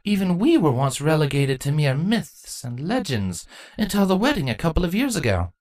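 A woman voicing a proud, sardonic female changeling queen who speaks in a deadpan, matter-of-fact way, in a fan fiction reading. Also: sits low, normal speed, no echo, pitched above the performer's own voice.

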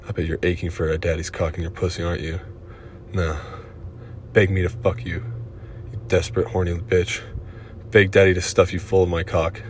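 A man performing an erotic audio role-play in a dominant, commanding and profane manner, with breathy moans between lines. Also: sits low, a little hiss or hum.

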